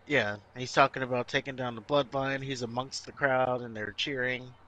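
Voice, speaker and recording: A man's voice: mid-range voice, steady tone, normal speed, bright, forceful tone, slight background noise. A man co-hosting a podcast, casually recapping wrestling events and laughing often as he tells the story. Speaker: podcast co-host.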